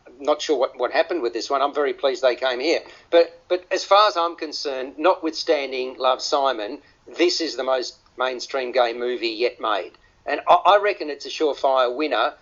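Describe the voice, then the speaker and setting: A man's voice: mid-range voice, normal speed, fairly bright tone. A man hosting a radio film review panel, often restarting and repeating words as he talks. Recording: dull lo-fi radio audio.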